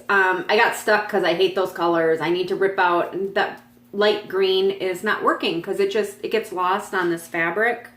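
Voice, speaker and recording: A woman's voice: steady tone, moderate pace, fairly bright tone, reverberant, slight background noise. A woman chatting casually in a home vlog, rambling with lots of ums and restarts as she shows her stitching projects. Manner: pitches up sharply when calling her dogs. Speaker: cross-stitch vlogger. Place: at home, dogs nearby.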